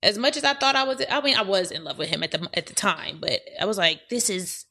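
A woman co-hosting a podcast in casual faith chat, animated and full of affirming interjections. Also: medium pitch, quick pace. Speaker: podcast co-host.

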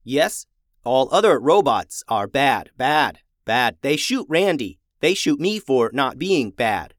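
A man voicing a timid old male farm repair robot with a halting, stuttering robot voice and slow, stiff, repetitive phrasing. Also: medium pitch, sing-song, no room sound, clean studio sound.

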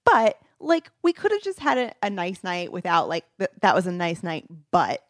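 A woman's voice: on the low side, moderate pace, no echo, clean studio sound. A woman co-hosting a podcast, chatting casually and telling a story with lots of "like". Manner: animated, laughs often, lots of "like". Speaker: podcast co-host. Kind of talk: casual chat.

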